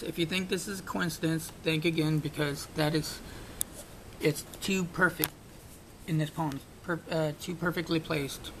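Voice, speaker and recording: A puzzle-solving video creator thinks aloud while working through a puzzle, his voice fairly even in intonation, a bit bright, and at normal speed. It's casual on-screen analysis with plenty of fillers and restarts, captured in a low-quality recording with faint rumbling in the background.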